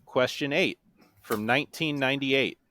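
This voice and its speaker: A man hosting a trivia round on a podcast, reading song lyrics in a deliberate flat monotone. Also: mid-range voice. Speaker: guest quiz host. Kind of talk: reading quiz questions.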